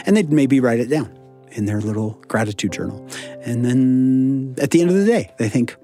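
A man's voice: mid-range voice, normal speed, soft background music. A middle-aged man, an author and professor guest, chatting animatedly and acting out quoted thoughts. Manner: animated, acts out quoted thoughts in shifting voices. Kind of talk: casual chat.

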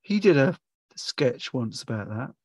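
A man's voice: medium pitch, big pitch swings, unhurried, a little mellow, slightly rough, no room sound, rough recording. A man giving a casual watercolour painting demonstration, chatty and rambling as he thinks aloud. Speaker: watercolour tutor.

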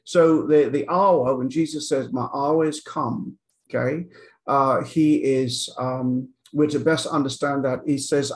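With a steady, mid-range voice and a measured pace, a male Bible teacher gives a conversational, informal lecture. Fillers abound, "okay?" comes up often as a check-in, and he paraphrases scripture in everyday terms.

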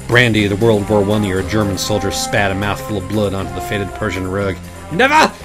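Man, low voice, comic dramatic reading, wry, theatrical. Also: level tone, brisk, over music. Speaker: reader of a parody storybook.

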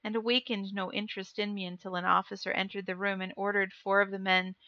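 A woman reading a novel aloud on a live stream, with expressive delivery of the dialogue. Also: mid-range voice, quick pace, dry recording, highs cut off. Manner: reads dialogue expressively, joking asides between passages. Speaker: reader of a novel.

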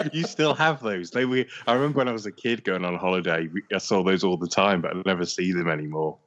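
A man's voice: low voice, a little fast, a bit bright, muffled recording. A man on a podcast panel in casual comedic chat, firing off dry quips and stammering through restarts.

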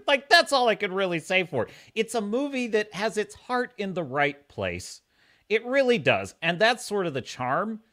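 A man hosting a live-streamed podcast, reading viewer comments in a jokey, animated way and laughing often. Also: high voice, moderate pace. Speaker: podcast host.

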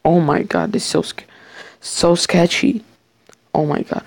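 Excitable young man with a gravelly voice. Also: fairly high pitch, measured pace, dry recording. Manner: excitable, swears, jokingly boasts. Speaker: gamer playing a survival match. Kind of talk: casual game commentary. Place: his bedroom.

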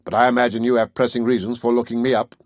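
A man voicing a calm, aloof male submarine captain who speaks curtly and serenely in a storybook reading. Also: medium pitch, fast, no room sound, clean studio sound, natural voice. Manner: serene, curt.

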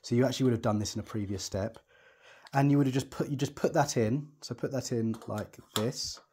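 Brisk and slightly mellow, this man's medium-pitched voice carries a breathy edge. He's giving a hands-on telescope setup tutorial, explaining step by step as he works in a chatty, reassuring way and frequently thinking out loud.

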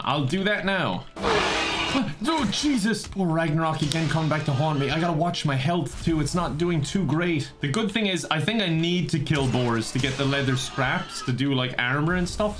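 A young man giving casual, self-mocking commentary while playing a video game, laughing often and yelping high when startled. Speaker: gaming YouTuber.

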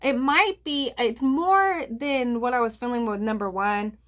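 A woman's voice: fairly high pitch, measured pace, a bit bright. A woman giving a casual tarot reading to viewers, rambling with lots of fillers, restarts and "I feel like.". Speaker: tarot reader.

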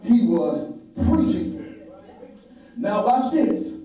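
A man's voice: sits high, sing-song, drawn-out words, warm tone. A man preaching a sermon as pastor, with call-and-response rhythm, repeated phrases, frequent "huh?" and half-sung lines. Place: church sanctuary. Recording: very echoey church from far off, faint music.

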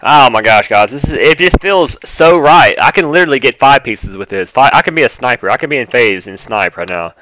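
A young man with a Southern country accent, gushing over a controller unboxing, flipping between hushed awe and loud excitement. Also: medium pitch, a little fast, few pauses, a little hiss or hum, rough recording. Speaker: YouTuber.

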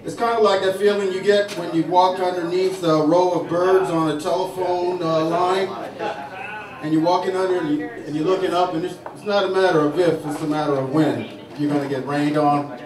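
A man working a saloon stage as a stand-up comic, rambling through his stories with fillers and restarts. His voice sits fairly high. The recording is distant and echoey, with a crowd audible around him. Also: level tone, moderate pace. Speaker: stand-up comedian. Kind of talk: stand-up routine. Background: audience laughing.

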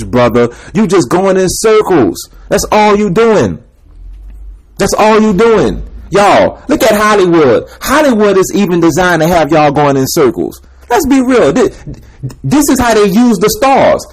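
Animated high-voiced man preaching. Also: poor audio. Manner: emphatic, repetitive, street slang. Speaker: street preacher vlogger. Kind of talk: preaching rant to camera.

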